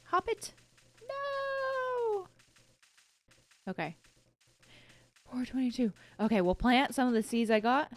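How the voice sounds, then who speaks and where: A woman's voice: on the high side, normal speed, long pauses. A young woman streaming a farming game, chatting casually and thinking aloud as she plays. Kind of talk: casual gameplay commentary.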